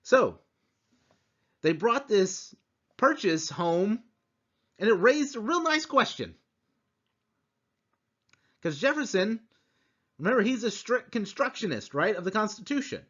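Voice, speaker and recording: Brief: lively male history teacher, somewhat high voice, slightly muffled recording. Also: unhurried, long pauses. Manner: animated, acts out quotes, rhetorical asides. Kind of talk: conversational history lecture.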